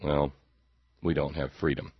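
Low raspy guy hosting a talk show, sarcastic and rambly, dry close sound. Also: flat delivery, unhurried, dry recording, lo-fi sound. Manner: sarcastic, rambling, repeats words while searching. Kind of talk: political commentary monologue.

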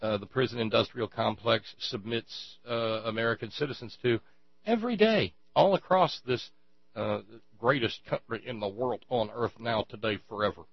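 A man giving an indignant, sarcastic monologue, halting often with fillers as he builds his points. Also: medium pitch, sing-song, dry recording. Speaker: commentator. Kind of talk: ranting monologue. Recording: dry, dull lo-fi with mains hum.

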